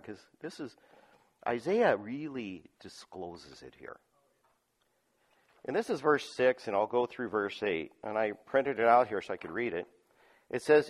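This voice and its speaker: A pastor with a fairly low-pitched voice preaches a sermon, reading scripture aloud and explaining it. He swings between loud, emphatic lines and quiet asides, chuckling often.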